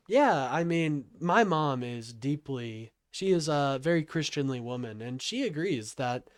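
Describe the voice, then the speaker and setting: A young man with a slightly high voice argues with his chat on a livestream, sarcastic and combative, and keeps calling people "my friend." Faint music plays underneath him. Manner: argumentative and sarcastic, often says "my friend". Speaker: livestream host taking calls and reading chat. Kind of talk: casual political livestream talk.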